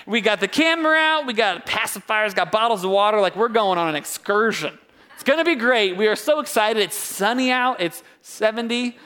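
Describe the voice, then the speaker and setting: A young man preaching a sermon in a church, casual and joking, swinging widely between high and low. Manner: casual and joking, with wide swings of pitch and loudness. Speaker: pastor.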